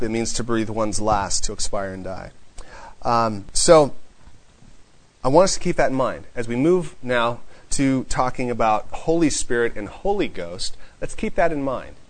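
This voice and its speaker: A man teaching a casual Bible class to a small group, reading scripture slowly and then talking it through in a conversational way with frequent chuckles. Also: mid-range voice, poor audio.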